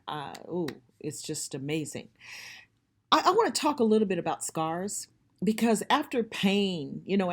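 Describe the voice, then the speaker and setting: A middle-aged woman sharing a personal faith testimony, earnest and emphatic as she speaks straight to her listeners. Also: on the low side.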